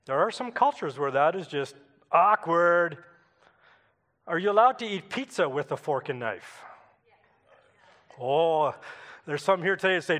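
A man's voice: on the high side, lively intonation, unhurried, pauses often, fairly bright tone, long reverb tail. A Canadian man preaching a sermon in a church, telling a personal story in a conversational way and asking the congregation questions. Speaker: pastor.

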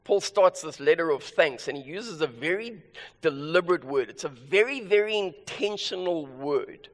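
A man's voice: fairly high pitch, lively intonation, moderate pace. A male pastor preaching a sermon, emphatic and repeating his key phrases for weight. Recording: long hall reverb.

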